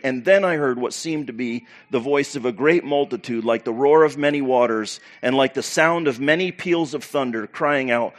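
A pastor preaching to his church, animated and preacherly, with loud bursts and quiet asides. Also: mid-range voice, normal speed, hardly any pauses. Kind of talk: sermon.

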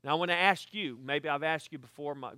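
An older man, a pastor, preaching a sermon with lively swings between quiet asides and loud emphatic bursts. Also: on the high side, quick pace, dry recording.

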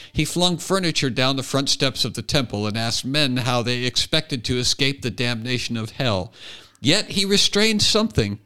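Male comedy podcast host; bright, animated, jokey; reads text deliberately. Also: medium pitch, clear, resonant tone. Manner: jokey, laughs often, reads aloud deliberately. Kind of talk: casual podcast chat and quote reading. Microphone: podcast microphone.

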